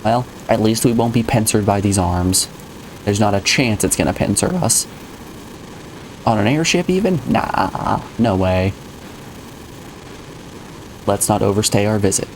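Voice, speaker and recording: A man's voice: lowish voice, fairly even intonation, unhurried, long pauses, a little hiss or hum. A man streaming a game live, chatting casually and rambling to his viewers. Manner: rambling, chatty, addresses chat. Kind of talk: casual live gameplay chat.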